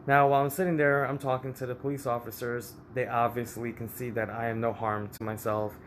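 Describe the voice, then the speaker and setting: A man's voice: medium pitch, flat delivery, a little fast, slight background noise. A man candidly recounting a painful family story in an emotional, personal vlog. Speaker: vlogger.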